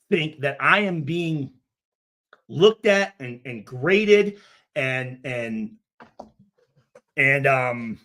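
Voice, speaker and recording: A man reading and reacting to viewer comments, cursing freely, stuttering and restarting his sentences. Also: a little high. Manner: profane, animated, repeats himself.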